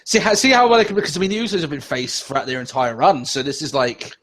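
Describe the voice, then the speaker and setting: A man co-hosting a podcast, laughing easily and throwing in quick opinions. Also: on the high side, big pitch swings, fairly bright tone. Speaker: podcast co-host. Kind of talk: casual chat.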